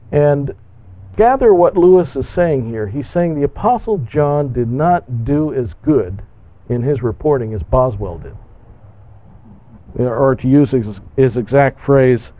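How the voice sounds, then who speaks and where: A man's voice: medium pitch, dull audio. A man preaching a sermon emphatically, with rhetorical questions and firm repetition.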